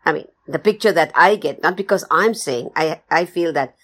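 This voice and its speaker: A woman's voice: low-pitched, moderate pace, fairly bright tone. A woman storyteller earnestly explaining her craft in an interview. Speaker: storyteller, guest. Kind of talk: interview answer.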